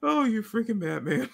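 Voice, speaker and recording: A man's voice: extremely high pitch, gravelly, a bit bright, breathy edge. A man hosting a casual drawing livestream, giggling often and teasing his chat playfully. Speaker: livestream host.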